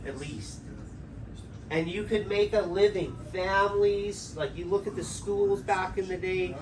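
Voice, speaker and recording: A pastor preaches in a loose, conversational way, drawing answers out of the congregation and tagging his points with "right?". His voice sits fairly high for a man. He is recorded from some distance, with faint noise underneath. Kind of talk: interactive sermon.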